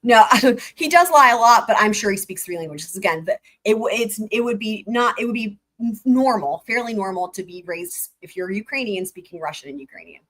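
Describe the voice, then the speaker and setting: A woman's voice: mid-range voice, expressive, fairly quick, fairly bright tone. A woman streaming live trial commentary, reading legal filings aloud and breaking in with incredulous, sarcastic asides.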